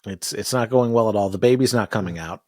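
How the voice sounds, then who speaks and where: A man's voice: on the low side, fast talker, dry recording. Dry-humored man recapping a show. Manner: wry, laughs often, summarizes plot. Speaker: podcast co-host. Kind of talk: casual recap chat.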